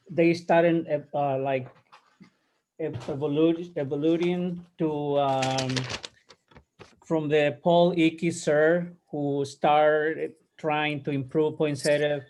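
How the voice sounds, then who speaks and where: A man who grows poinsettias answers an audience question slowly, searching for words. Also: on the high side, a little mellow. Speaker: poinsettia grower.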